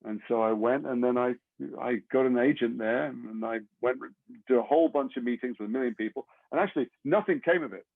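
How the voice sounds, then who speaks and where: A man from England, an actor guest telling stories in a casual, lively way and slipping into the voices of the people in them. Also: medium pitch, a little fast, no room sound. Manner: lively raconteur who acts out the other people in his stories. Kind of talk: casual anecdote storytelling. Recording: dry, phone-like narrow audio.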